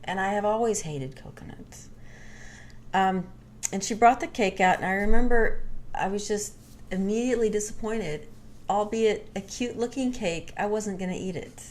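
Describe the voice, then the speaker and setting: A woman's voice: medium pitch, moderate pace, darkish tone. A young adult woman casually telling a candid, rambling personal story and swearing freely.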